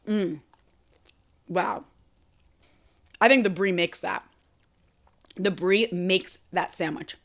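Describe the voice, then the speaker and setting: A woman's voice: lowish voice, takes it slowly, long pauses. A young woman hosting a casual solo podcast, chatting enthusiastically about food and talking to her cat between bites. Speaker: podcast host. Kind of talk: casual solo chat while eating.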